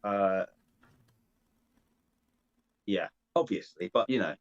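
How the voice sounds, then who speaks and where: A man's voice: deep voice, slow pace, dull audio. A man co-hosting a casual football podcast, arguing playfully and laughing often. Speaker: podcast co-host. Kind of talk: casual chat.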